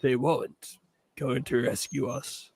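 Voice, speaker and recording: A man's voice: medium pitch, level tone, a little slow, creaky, darkish tone, breathy edge, no room sound. Man voicing a grim scheming old freight truck.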